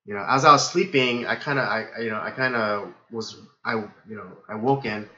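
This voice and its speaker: A hoarse man hosting a casual livestream podcast, rambling with lots of fillers. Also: lowish voice, brisk, bright, forceful tone, roomy sound, muffled recording. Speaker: podcast host.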